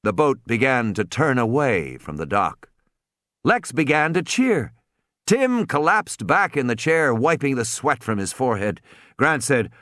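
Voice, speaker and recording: Animated man reading an audiobook. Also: mid-range voice, a little slow, no room sound, clean studio sound. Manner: expressive, dramatic reading. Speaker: audiobook reader. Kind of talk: scripted narration.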